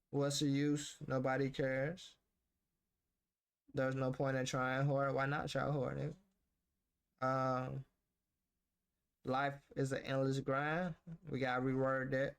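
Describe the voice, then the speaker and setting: A man's voice: medium pitch, monotone, a little slow, pauses often, clean tone. A man casually reading a self-help book aloud and reacting to it in slangy, talk-back commentary. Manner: slangy, talks back to the text, reads passages aloud then riffs.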